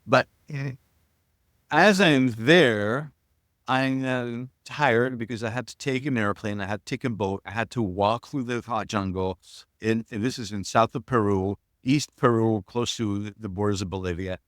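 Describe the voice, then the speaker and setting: A man's voice: fairly low pitch, moderate pace, a bit bright, dry recording, clean studio sound. A man in his sixties telling personal stories as an interview guest, earnest and reflective, often restarting his sentences. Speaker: guest, shamanism teacher.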